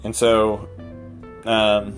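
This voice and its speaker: A man's voice: lowish voice, monotone, very slow, soft background music. A man hosting a casual solo podcast, telling a rambling story with chuckles and restarts. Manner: rambling, chuckling, self-interrupting. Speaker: podcast host.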